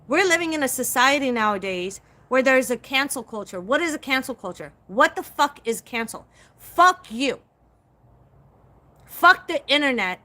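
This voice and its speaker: This middle-aged psychic host rants on a live stream at a moderate pace, her high, bright voice forceful and expressive. Blunt and profane, she addresses her viewers directly and leans heavily on emphasis.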